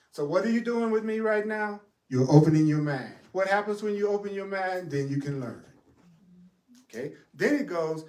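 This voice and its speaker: A man teaching a spiritual class in an animated way, asking rhetorical questions, answering them himself and chuckling often. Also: fairly high pitch. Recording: roomy sound from a distant mic.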